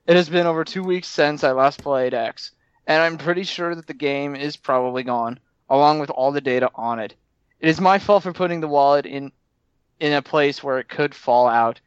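A man co-hosting a casual podcast, excitable in banter and reading listener email. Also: on the high side, normal speed, smooth, dry recording. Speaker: podcast co-host. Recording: dull, dry home mic.

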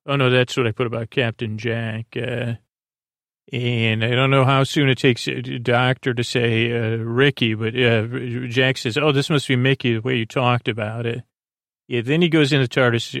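Brief: male podcast host, casual recap, rambling with lots of "uh" and restarts, gravelly voice, dry close sound. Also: mid-range voice, fairly bright tone, no room sound. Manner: rambling, many fillers and self-corrections.

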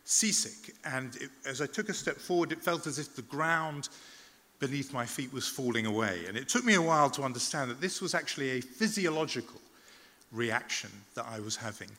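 A man, a journalist, giving a public talk in a measured, reflective storytelling manner, often pausing on "uh" and restarting words. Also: medium pitch, animated, sharp tone, big-room sound.

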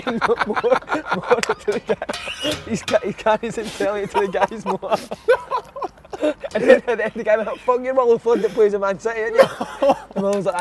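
Scottish host guy, giggly, highish voice, noisy recording. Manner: laughs often, chatty storyteller. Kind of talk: casual chat.

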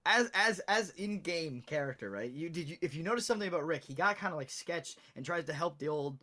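A young man chatting casually about a tabletop game with friends, animated and laughing, swearing freely. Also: a little high, fairly quick. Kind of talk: casual chat.

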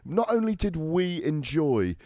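A man's voice: fairly high pitch, very animated, a little slow, dark tone, no echo, clean studio sound. Eager sports radio co-host, man. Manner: enthusiastic, restarts often.

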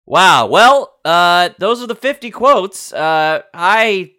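A male podcast host reads a list aloud in a casual, offhand way, breaking off to react with disbelief and the odd curse. His voice sits a little high and bright. His pitch swings widely as he talks. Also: animated, takes it slowly, smooth. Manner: incredulous, swears and reacts loudly.

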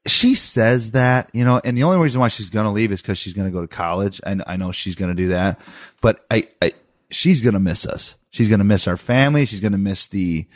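A man's voice: lowish voice, brisk, dry recording, studio quality. A man co-hosting a casual chat, teasing his partner and pressing her with repeated questions. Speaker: podcast co-host.

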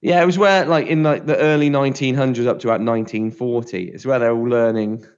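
A man's voice: medium pitch, steady tone, quick pace, clean tone. A man from Britain co-hosting a podcast, chatting casually and rambling through restarts and fillers. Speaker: podcast co-host. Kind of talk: casual chat. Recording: dull lo-fi sound.

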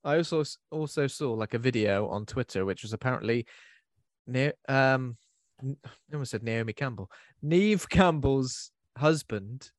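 A man's voice: mid-range voice, expressive, normal speed, dry recording, clean studio sound. A man hosting a casual podcast chat, rambling with fillers and restarts. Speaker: podcast host.

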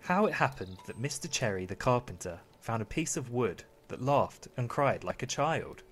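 A man's voice: mid-range voice, big pitch swings, moderate pace, soft background music. Playful man reading a bedtime story. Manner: mock-fatherly, giggly. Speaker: podcast co-host.

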